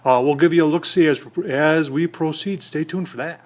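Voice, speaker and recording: A man's voice: fairly high pitch, normal speed. Folksy middle-aged man cooking. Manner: folksy, chatty, addresses viewers as folks. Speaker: cooking channel host. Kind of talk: casual cooking demo to camera.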